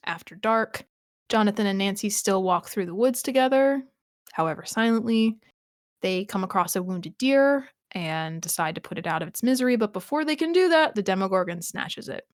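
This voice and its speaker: A woman co-hosts a podcast, chatting casually about a TV episode, laughing often and restarting sentences. Her medium-pitched voice is animated and a little fast. The sound is clean studio audio with no echo.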